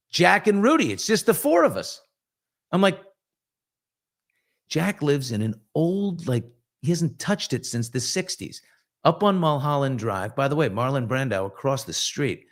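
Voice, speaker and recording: A middle-aged man hosting a casual live chat show, joking and telling loose, rambling anecdotes full of asides. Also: medium pitch. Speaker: host.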